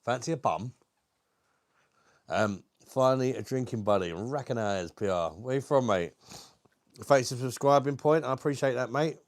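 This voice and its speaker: A man's voice: mid-range voice, moderate pace, no room sound, clean studio sound. British man coughing through a live stream. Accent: British English. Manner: chatty, greets viewers by name, swears casually. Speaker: livestream host reviewing beer. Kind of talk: casual live-chat stream.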